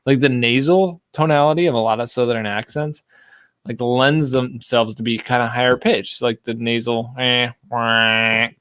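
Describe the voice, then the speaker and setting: A man's voice: medium pitch, moderate pace, no room sound, clean studio sound. Rambling man hosting a live stream. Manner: rambling, animated, lots of fillers. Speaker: podcast host. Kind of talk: casual live-stream chat.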